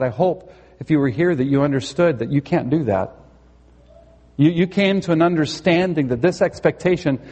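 A man's voice: on the high side, a little mellow. A male pastor preaching a sermon in a church sanctuary, earnest and conversational, with a touch of storytelling humor. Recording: long hall reverb.

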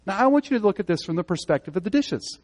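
A man giving a sermon as pastor, speaking conversationally and swinging between loud emphatic moments and quiet earnest ones. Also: high voice, sing-song, quick pace. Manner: conversational preaching, rising and falling in emphasis.

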